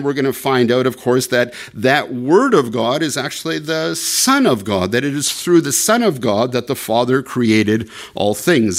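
A man preaching an expository sermon, explaining a scripture passage verse by verse with frequent fillers and restarts. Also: medium pitch. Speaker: pastor.

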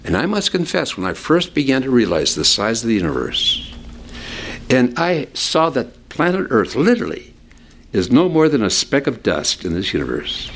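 A male pastor preaching an expository sermon in a conversational way, explaining scripture with friendly asides. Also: normal speed. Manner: animated, sweeping pitch for emphasis.

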